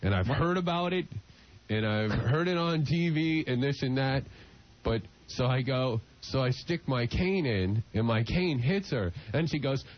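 A man's voice: medium pitch, expressive, a little slow. A blind man telling a rambling, laughing story as a guest on a radio show. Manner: laughing, rambling, imitates others. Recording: muffled radio broadcast.

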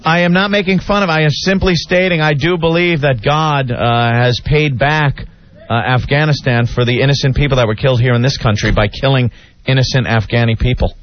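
A man co-hosting a radio talk show, sarcastic and mock-righteous, deliberately provoking in casual banter. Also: mid-range voice, steady tone, dry recording. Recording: dull lo-fi radio audio with faint music.

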